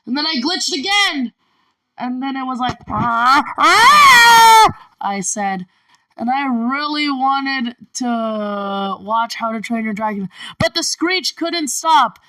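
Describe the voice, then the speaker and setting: Woman, rambling storyteller, slow, bright voice, pitched a little high. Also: lively intonation, rough recording. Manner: strings events together with repeated "and then". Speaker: vlogger.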